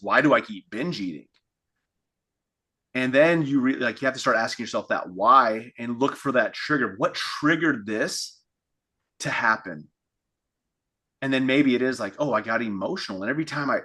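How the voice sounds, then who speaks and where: A man's voice: medium pitch, fairly bright tone. A man giving a reflective coaching talk, thinking aloud with restarts and acting out inner thoughts in quotes. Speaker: fitness coach. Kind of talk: coaching call monologue.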